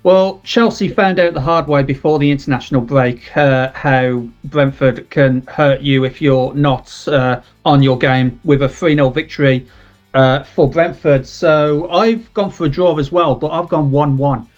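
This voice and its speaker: A man on a radio panel giving a steady, explanatory football prediction. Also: on the high side, measured pace, soft background music. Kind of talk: casual radio chat. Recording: dull lo-fi line.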